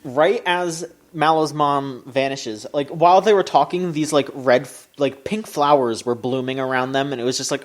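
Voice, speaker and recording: Podcast co-host, mid-range voice, excitable recap with swearing, remote call mic. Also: normal speed, hardly any pauses. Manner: animated and swearing, pitch jumping up when excited. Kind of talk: casual chat, recapping an anime episode.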